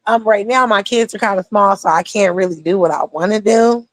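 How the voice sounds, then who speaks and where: A woman's voice: medium pitch, a little fast. A young woman talking casually on a livestream, blunt and profane, rambling between topics as a streamer.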